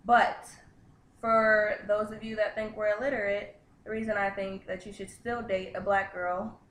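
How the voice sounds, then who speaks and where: A young woman with a crisp, bright voice banters casually in a comedic vlog. She chimes in with quick, sassy asides. The room gives her voice a noticeable echo. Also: mid-range voice, level tone. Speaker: co-host. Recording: echoey room.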